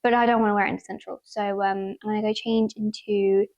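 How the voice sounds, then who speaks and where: A woman's voice: medium pitch, level tone, fast talker, a little mellow. A young woman, chatting casually and gushingly in a vlog, full of "like" and little laughs. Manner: bubbly, gushing, lots of "like". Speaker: vlogger.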